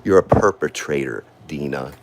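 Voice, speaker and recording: A man's voice: extremely low pitch, normal speed, a little hiss or hum. A man, hosting a livestream from his home on a phone mic, ranting angrily and confrontationally at someone he names over and over, his voice sore from screaming. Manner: confrontational, repeats a name accusingly. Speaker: livestream host. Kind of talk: angry livestream rant. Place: at home, indoors.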